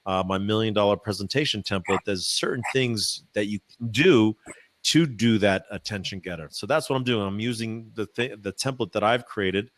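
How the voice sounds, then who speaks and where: A man, a professional speaker, answering interview questions in a chatty, animated way with many fillers and restarts, using a practiced voice dropped low from the diaphragm. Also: moderate pace. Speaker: professional speaker, podcast guest. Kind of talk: casual interview answers, storytelling. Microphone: microphone.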